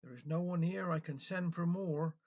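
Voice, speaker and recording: A man's voice: on the high side, normal speed, darkish tone. A man voicing a flustered, grateful woman housekeeper in a rhymed story, on a dull lo-fi recording. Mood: relieved.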